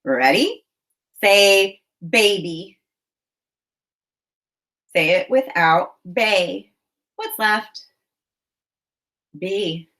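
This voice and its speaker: A woman teaching a phonics lesson for children, giving slow, clear, encouraging prompts. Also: mid-range voice, lively intonation, a bit bright, low-quality recording.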